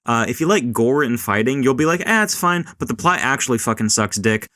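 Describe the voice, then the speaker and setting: A man's voice: medium pitch, animated, fairly quick, a bit bright, dry recording, studio quality. A man hosting a casual film and culture podcast, rambling and swearing as he talks. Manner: rambling, swears a lot, mimics voices. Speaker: podcast host. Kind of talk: casual chat.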